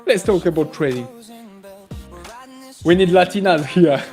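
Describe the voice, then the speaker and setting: A man's voice: on the high side, unhurried, darkish tone, soft background music. A man with a French accent hosting a live trading stream, chatting casually, joking and greeting viewers by name. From France. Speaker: livestream trading host.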